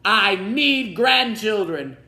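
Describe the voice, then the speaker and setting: A man voicing an impatient old king who demands and shouts, in a roomy echo. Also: high-pitched, animated, takes it slowly, voice pushed up, heavily acted. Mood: blustering. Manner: loud, demanding.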